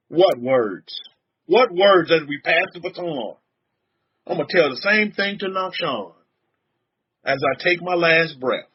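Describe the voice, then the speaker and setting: A rabbi giving a loose, conversational sermon, talking to his congregation in a voice pitched high for a man with a husky edge. He circles back and repeats himself and chuckles often. The recording sounds dull and lo-fi. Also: lively intonation, a little slow, pauses often. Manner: chatty and repetitive, often chuckling, addresses the congregation directly. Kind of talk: informal sermon.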